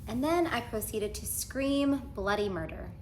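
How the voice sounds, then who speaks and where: A woman's voice: a little high, expressive, a little slow, roomy sound, a little hiss or hum. Chatty woman telling a dramatic story. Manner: chatty, dramatic retelling with quoted texts. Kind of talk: casual storytime vlog.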